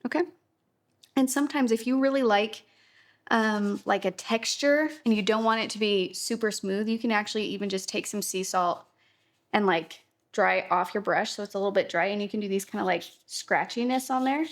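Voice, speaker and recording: Chatty upbeat woman with gravelly fry. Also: medium pitch, moderate pace. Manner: chatty, upbeat, reassuring, lots of fillers like "kinda". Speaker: watercolor painting teacher. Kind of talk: casual instructional painting tutorial.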